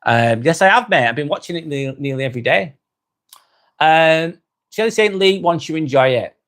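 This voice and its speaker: A man's voice: fairly high pitch, lively intonation, moderate pace, a bit bright. Chatty English man hosting a livestream. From England. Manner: chatty, repeats phrases, many fillers. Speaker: livestream host. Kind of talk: casual livestream chat reading comments.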